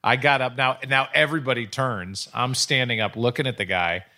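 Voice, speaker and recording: Middle-aged male podcast host, mid-pitched, chatty storyteller. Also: steady tone, a little fast, sharp tone, no room sound, studio quality. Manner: rambling anecdotal storyteller. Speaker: podcast host and sports broadcaster. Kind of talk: casual chat.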